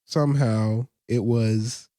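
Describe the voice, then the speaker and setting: A man's voice: mid-range voice, steady tone, slow pace, dark tone, no room sound. A man co-hosting a podcast, telling a story in casual chat with laid-back dry humor and slang. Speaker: podcast co-host.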